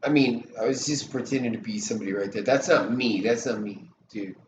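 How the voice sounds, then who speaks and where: On a live stream, a man in his thirties with a lowish voice talks a little fast, rambling and swearing in a loose, sarcastic way. The room is echoey and the background noise is loud.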